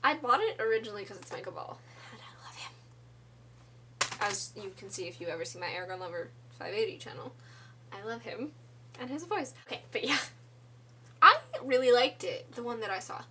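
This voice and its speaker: A woman's voice: a little high, lively intonation, a little fast, pauses often, background noise. A woman casually recapping a musical's story for her vlog, rambling with lots of "like" and fillers and giggly asides. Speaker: musical theatre vlogger.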